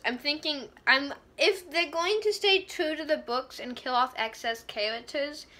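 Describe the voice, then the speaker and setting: Bright, high-voiced excitable woman. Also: measured pace. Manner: excitable, gushing, laughs mid-sentence. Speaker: TV episode reviewer. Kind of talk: casual fan review vlog.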